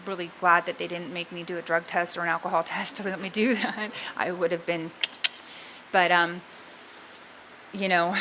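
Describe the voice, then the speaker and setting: A woman's voice: medium pitch, bright, forceful tone, slight background noise, poor audio. A middle-aged woman from Southern California gives a candid, self-mocking personal testimony as a recovery meeting speaker and laughs often.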